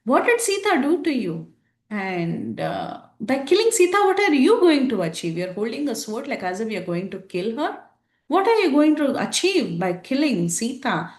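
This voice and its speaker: A woman's voice: fairly high pitch, big pitch swings, moderate pace, roomy sound, pitched above the performer's own voice. A woman voicing a male monkey warrior hero who scolds in an indignant tirade. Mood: outraged.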